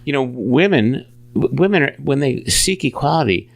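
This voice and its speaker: A man's voice: medium pitch, expressive, normal speed, vocal fry. A man talking as an author guest in a casual interview, rambling, restarting his sentences and insisting on his points.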